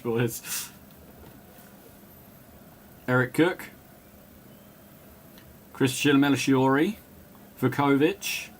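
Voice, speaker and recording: A man doing live play-by-play commentary, calling player names in quick bursts, chatting and laughing with viewers, and rising to shouts when a goal goes in. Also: mid-range voice, steady tone, a little hiss or hum. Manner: chats and laughs with viewers between calls. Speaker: match commentator.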